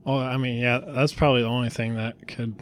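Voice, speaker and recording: Laid-back podcast host, man, mumbly, middle pitch. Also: flat delivery, fairly quick. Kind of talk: casual chat.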